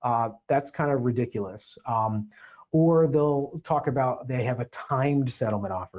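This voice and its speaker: A man's voice: mid-range voice, measured pace, a little mellow, muffled recording. A man hosting a legal explainer podcast, talking emphatically with sarcastic asides. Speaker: podcast host and defense attorney.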